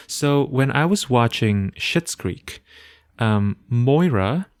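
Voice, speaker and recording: A man with a hard-to-place accent, speaking English as a second language, hosting a solo podcast in a thoughtful, reflective way with soft laughs and phrases that trail off quietly. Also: on the low side. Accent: hard-to-place non-native English. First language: not English. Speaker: podcast host.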